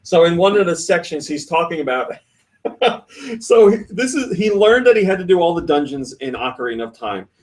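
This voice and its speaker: A man with a slightly raised pitch hosts a casual podcast. He talks in a lively, storytelling way and breaks into laughs often. He reads listener comments aloud. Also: moderate pace, distant mic. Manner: animated storytelling with frequent laughs. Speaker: podcast host.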